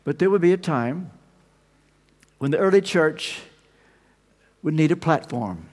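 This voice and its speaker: A man preaching a sermon, telling the story with animated swings between loud emphasis and quiet asides. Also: on the high side, measured pace. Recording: long reverb of a large hall.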